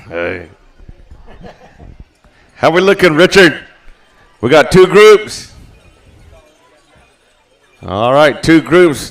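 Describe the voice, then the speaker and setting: A man emceeing a powwow over the PA in an outdoor arena, joking between calls. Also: fairly high pitch. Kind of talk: live arena announcing.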